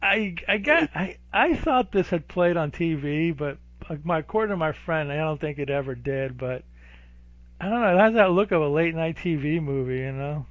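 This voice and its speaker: A man's voice: on the high side, lively intonation, moderate pace, no echo, muffled recording. A man co-hosting a podcast, chatting casually in an offhand, often laughing way. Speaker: podcast co-host. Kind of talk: casual movie recap chat.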